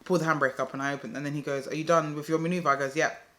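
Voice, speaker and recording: Chatty young woman, bright voice. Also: deep voice, fairly even intonation, racing. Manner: chatty, fills speech with "like", addresses viewers as "guys". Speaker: vlogger. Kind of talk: casual storytelling to camera.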